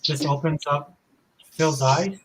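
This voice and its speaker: A man's voice: on the high side, slow, fairly bright tone, husky, poor audio. A man co-hosting a podcast in a laid-back, slangy way, calling people dude and bro. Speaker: podcast co-host. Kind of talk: casual podcast chat.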